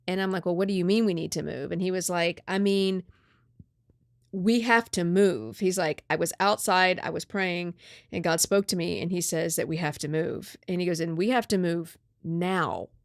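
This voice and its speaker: A woman podcast host in a casual chat, retelling a story with lively acted-out dialogue. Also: lowish voice, fairly quick, gravelly, no echo, clean studio sound.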